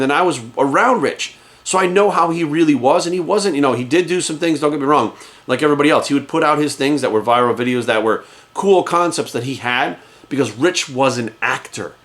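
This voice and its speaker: A man's voice: on the high side, fast, a bit bright. A man working as a fitness coach, ranting to camera in his office with heated, profane emphasis. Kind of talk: casual rant to camera. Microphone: camera in front of him.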